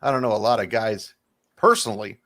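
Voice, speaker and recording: A man's voice: on the low side, a little fast, a little hiss or hum. A man co-hosting a morning show, bantering casually and riffing on jokes and callbacks. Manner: animated, jokey storyteller who riffs on callbacks. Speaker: radio show co-host.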